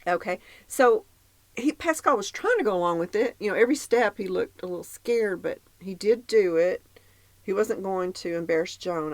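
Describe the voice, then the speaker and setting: On a dry recording, a woman co-host with a mid-range voice chats casually about a dating show for a podcast. She goes through her notes aloud and laughs a lot.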